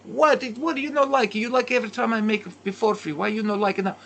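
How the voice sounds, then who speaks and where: A man's voice: sits high, fairly even intonation, fast talker, creaky, a bit bright, pitched above the performer's own voice, full character voice. A man voicing a fussing old Italian grandmother in broken, immigrant-accented English, insisting that someone eat more. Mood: insistent.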